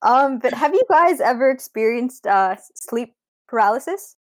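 A woman's voice: on the high side, animated, moderate pace. A woman guesting on a podcast in casual chat, hesitant and full of fillers as she starts her story.

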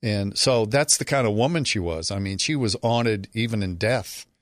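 A man with a fairly low voice telling a story from his own life, close and dry with no room sound. He acts out other people's voices as he goes, then drops into a quiet, subdued tone when speaking of loss. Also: moderate pace, dry recording. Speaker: guest telling a personal story. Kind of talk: conversational storytelling.

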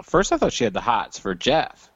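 A man's voice: mid-range voice, wildly swooping pitch, normal speed, a bit bright, dry recording, highs cut off. A man co-hosting a casual podcast, throwing in sarcastic quips about a movie. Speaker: podcast co-host. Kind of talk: casual chat.

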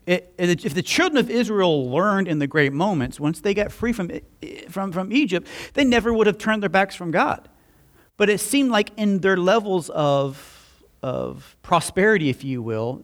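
A man with a slightly higher voice than most men preaches to his congregation. He delivers the sermon as lively, conversational storytelling and acts out the dialogue of the people in his story. The talk flows casually from anecdote to lesson. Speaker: pastor.

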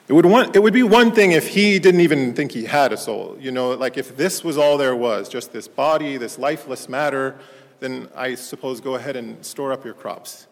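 A man's voice: medium pitch, big-room sound. A man, a parish priest, giving a sermon in a conversational storytelling manner. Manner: storytelling, conversational, animated in anecdotes. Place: church.

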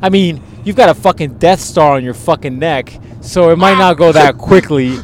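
Podcast host, man, thirties, profane and animated, a little high-pitched, faint hiss behind. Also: moderate pace. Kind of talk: crude casual banter.

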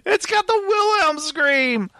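A man's voice: sits high, heavy background noise. A man co-hosting a podcast, reading out reviews in a jokey way and laughing often. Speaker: podcast co-host.

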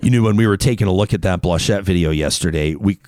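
A man hosting a talk radio show, opinionated and animated, talking in quick asides with his co-hosts. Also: sits low, dry recording, faint music behind. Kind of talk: casual talk radio banter and ad reads.

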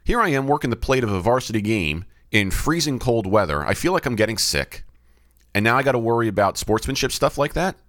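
The middle-aged podcast host and baseball umpire talks briskly in a medium, slightly bright voice full of big pitch swings. Musing on his own, he questions himself and restarts frequently. The recording is dry, close-miked studio audio without echo.

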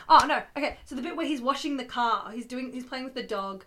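A woman guest in a casual podcast chat, animated, laughing as she talks and acting out quoted lines. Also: high-pitched, fairly quick, slight background noise.

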